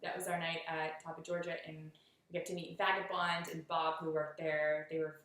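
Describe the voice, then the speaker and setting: A woman's voice: deep voice, little pitch movement, normal speed, a bit bright. Chatty woman in a very echoey room. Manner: chatty, finishes her partner's sentences, laughs often. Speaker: hiking vlog co-host. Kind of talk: casual chat recounting a hike.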